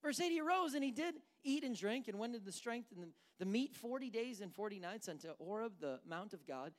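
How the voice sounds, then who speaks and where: A preacher giving an animated, conversational sermon who acts out the characters. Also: mid-range voice, a little fast.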